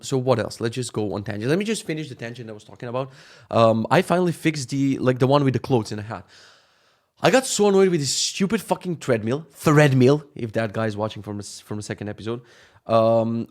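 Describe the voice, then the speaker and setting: A man talking off the cuff in an easy, joking way, with plenty of swearing as he tells his stories. His pitch sits right in the middle for a man. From Macedonia. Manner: profane, joking, animated storytelling. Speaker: vlogger. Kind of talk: casual monologue.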